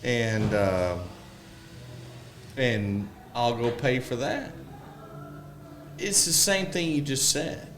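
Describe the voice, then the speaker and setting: A man in his forties in casual podcast chat, telling a folksy story and acting out the dialogue with animated pitch jumps. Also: very slow, long pauses, faint music behind. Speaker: podcast guest, construction expert.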